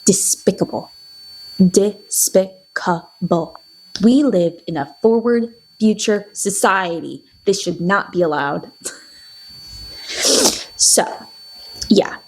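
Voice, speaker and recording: Young woman yapping away in her video diary, kinda breathy voice, all over the place and animated. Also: mid-range voice, slow pace, pauses often, rough recording. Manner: rambling, animated, chatty storytelling with playful quoted voices. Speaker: video diarist. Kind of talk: casual chatty vlog. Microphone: camera.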